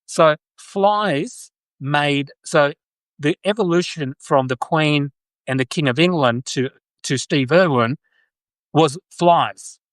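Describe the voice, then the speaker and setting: A man's voice: on the high side, slow pace, dry recording. A man with an Australian accent hosting a podcast, talking through political commentary in a casual, rambling way that circles back and corrects itself. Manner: rambling, self-correcting, many restarts. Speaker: podcast host. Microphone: livestream mic.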